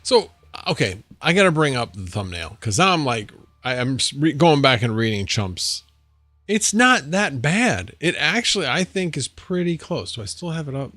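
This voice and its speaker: A man's voice: mid-range voice, sing-song, moderate pace, a bit bright, no room sound, soft background music. Rambling man chatting on a livestream. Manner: rambling, answering chat, thinking aloud. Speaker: livestream host. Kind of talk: casual livestream chat. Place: home.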